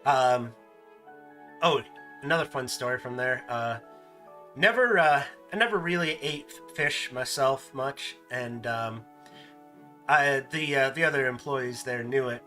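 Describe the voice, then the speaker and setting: A man hosting a casual stream, telling animated stories and laughing often. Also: medium pitch, measured pace, faint music behind. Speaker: streamer host. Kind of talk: casual chat.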